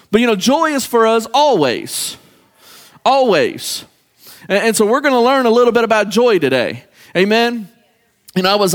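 Male pastor with a high voice, halting sermon style, reverberant sanctuary. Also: a bit bright. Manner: halting, repeats words, calls out to congregation. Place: church sanctuary. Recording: church hall with long reverb.

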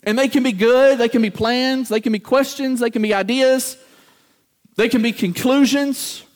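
Preaching a sermon, a man speaks at a normal speed in a very high voice, addressing the congregation and asking them questions. His delivery is animated, and he performs quoted everyday voices.

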